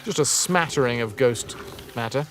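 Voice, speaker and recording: A young man streaming a game live, chatting excitedly to his viewers with swearing and jokey asides. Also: medium pitch, normal speed, slight background noise. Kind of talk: live gameplay commentary.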